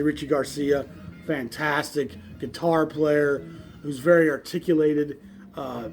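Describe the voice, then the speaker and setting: A man's voice: a little high, a little mellow. A man hosting a casual record show-and-tell, enthusiastic and rambling, with many fillers and restarts. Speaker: jazz record collector host.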